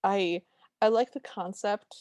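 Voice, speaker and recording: A woman's voice: mid-range voice, fairly even intonation, measured pace, darkish tone, clear, resonant tone, dry recording. A sardonic woman co-host with a mid-range voice, giving dry asides. She is recorded close and dead dry. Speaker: podcast co-host. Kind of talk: casual film recap chat.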